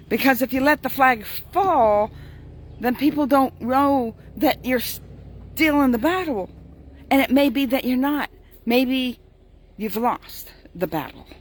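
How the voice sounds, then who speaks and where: A tired older woman chats through her morning vlog in an unhurried way, drifting from one thought to the next. Her pitch swings up and down a lot as she talks, and she laughs easily between sentences. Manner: chatty, laughs often, digressive. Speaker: vlogger.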